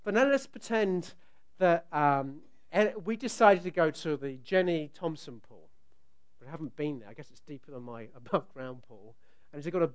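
Animated middle-aged man preaching. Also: on the high side, moderate pace. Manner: animated storytelling, rising to loud outbursts when acting out scenes. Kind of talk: sermon.

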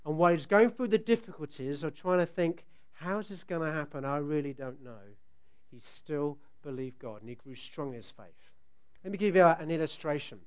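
A middle-aged man delivers a sermon in a smooth, resonant voice that sits a little high. He tells stories with animated swings, now and then bursting loud as he acts out a scene. He sounds like he is speaking to a church congregation on a microphone. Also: moderate pace, few pauses. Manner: animated storytelling, rising to loud outbursts when acting out scenes. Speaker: preacher.

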